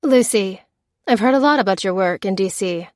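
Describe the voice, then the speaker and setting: A woman's voice: mid-range voice, expressive, normal speed, dry recording, studio quality, natural voice. A woman voicing a polite, somewhat hesitant female botanist and officer. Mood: earnest.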